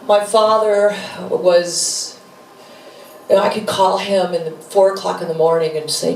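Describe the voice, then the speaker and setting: A woman in her fifties, a guest author and rock musician, telling animated stories with laughs at an onstage interview. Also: lowish voice, a little slow, a little hiss or hum. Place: bar venue with live audience. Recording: echoey room, mic from a distance.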